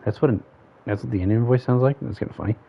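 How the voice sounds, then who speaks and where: A man's voice: medium pitch, very fast, gravelly. A man streaming a game, chatting casually, thinking aloud and counting off options under his breath. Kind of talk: casual gameplay commentary. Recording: dull lo-fi stream audio.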